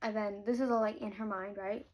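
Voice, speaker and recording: A woman's voice: mid-range voice, steady tone, a little fast, a little mellow. A woman chatting casually as she reads a novel aloud, gushing and full of fillers. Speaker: book reader reacting to a novel. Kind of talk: casual chat mixed with reading aloud.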